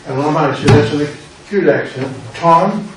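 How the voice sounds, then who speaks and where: An older American pastor with a somewhat high voice speaks at a normal speed while teaching a Greek class in a church classroom. He drills his students, quizzes them, repeats words and slips in playful puns. The recording is noisy and very echoey, with the mic placed far away.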